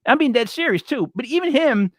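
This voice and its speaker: Male co-host, high and lively voice, opinionated rant, dry close sound. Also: a little fast, no echo. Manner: animated, ranting, opinionated. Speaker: wrestling podcast co-host. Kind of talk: casual live-stream chat.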